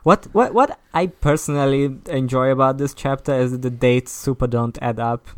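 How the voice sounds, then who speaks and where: A man's voice: medium pitch, moderate pace, smooth. A man co-hosting a casual chat, amused and nitpicking details of the story.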